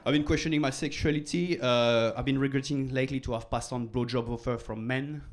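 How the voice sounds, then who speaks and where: A middle-aged man from France with a French accent, doing a stand-up comedy set in a halting, deadpan way with non-native phrasing. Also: mid-range voice, noisy background. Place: comedy club stage.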